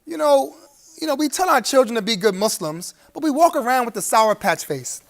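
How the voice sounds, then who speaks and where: Keynote speaker at a gala: a man with a strikingly high voice, preacherly delivery with humorous chuckling asides. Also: sing-song, a little fast, vocal fry, fairly bright tone. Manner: emphatic rising appeals to the audience. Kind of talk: live keynote speech at a gala dinner.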